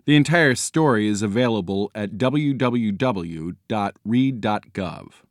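Man reading a kids story, super expressive, lively pitch, dry studio sound. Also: measured pace, no room sound. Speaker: audiobook reader. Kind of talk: storybook narration. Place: recording studio.

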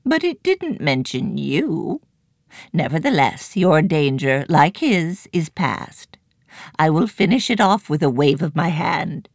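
A woman voicing a crooked old female fortune-teller, croaking and shrill, in a storybook reading. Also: big pitch swings, slow pace, dry recording, clean studio sound, full character voice. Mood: croaky matter-of-fact.

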